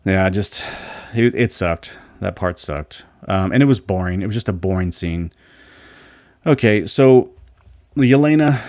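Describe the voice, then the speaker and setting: A man's voice: fairly low pitch, dry recording. A man casually reviewing a TV episode, rambling with many restarts, frank and mildly exasperated. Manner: rambling, frequent restarts and filler. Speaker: show reviewer.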